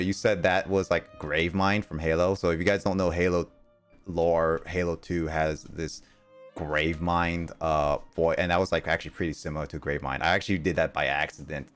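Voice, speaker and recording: A man's voice: deep voice, steady tone, a little fast, soft background music. A young man streaming a game, chatting casually with viewers in a rambling way and laughing often. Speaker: gaming livestreamer. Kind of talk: casual livestream chat with viewers.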